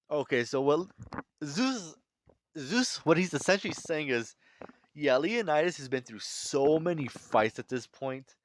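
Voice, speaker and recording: Man, casual commentary host, mid pitch, dry close mic, eager and rambling. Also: dry recording. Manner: chatty, enthusiastic, frequent fillers and restarts. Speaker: manga commentator. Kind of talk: casual chapter breakdown commentary.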